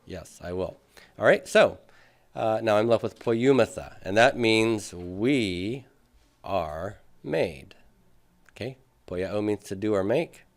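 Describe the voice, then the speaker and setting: A man lecturing to a classroom at an unhurried, deliberate pace. His voice sits low, and he thinks aloud with plenty of fillers while quizzing his students. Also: lively intonation. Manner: patient, thinks aloud with many fillers, asks students questions. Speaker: Greek teacher.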